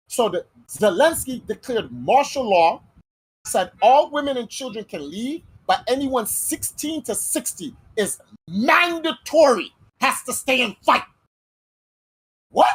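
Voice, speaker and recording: Woman podcast host, slightly husky, blunt and fired-up, swears a lot. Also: on the high side, expressive, unhurried, a bit bright, low-quality recording. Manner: heated, blunt and profane, arguing a point. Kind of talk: casual chat.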